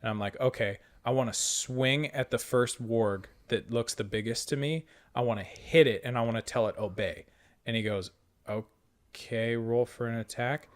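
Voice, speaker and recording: A young podcast host with an ordinary mid-range voice, medium pitch and normal speed tells a tabletop game story among friends. His retelling is profane and animated, acting out each exchange with the game master in quoted dialogue.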